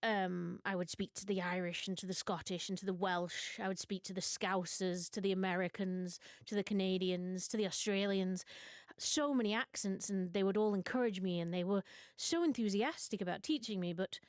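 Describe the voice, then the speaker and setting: Woman telling mock confessions, deadpan and dry. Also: medium pitch, normal speed, no echo. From Britain. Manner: mock-serious storytelling, dry absurd humor. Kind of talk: deadpan comedic monologue.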